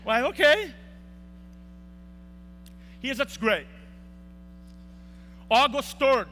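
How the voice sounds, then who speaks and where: A man's voice: sits high, sharp tone. A young man giving a motivational speech in a large hall, telling an emotional story and acting out the quotes. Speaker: speaker. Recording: reverberant hall with faint hum.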